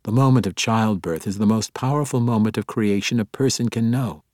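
A man voicing a proud elf priestess woman in an audiobook, speaking in a measured, solemn and formal way. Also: on the low side, darkish tone, no echo, clean studio sound, lightly acted.

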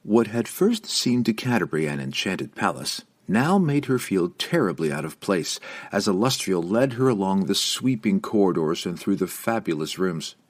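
A man reading a fantasy novel aloud as narrator, with an expressive, varied delivery. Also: sits low, moderate pace, no echo. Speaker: audiobook narrator.

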